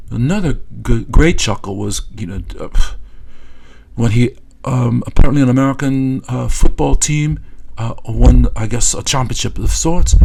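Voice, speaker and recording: Guy slowly mocking and sneering, lots of uhs, gravelly low-key voice. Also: warm tone, low-quality recording. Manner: mocking, scornful, hesitant with many fillers. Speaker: commentator. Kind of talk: satirical political commentary.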